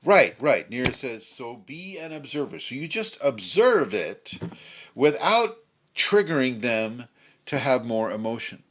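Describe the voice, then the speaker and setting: Animated man with a lively voice. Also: mid-range voice, measured pace. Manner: animated, acts out angry people with sudden shouts. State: slightly hoarse. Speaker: spiritual teacher. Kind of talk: casual spiritual talk. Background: a pet bird fluttering.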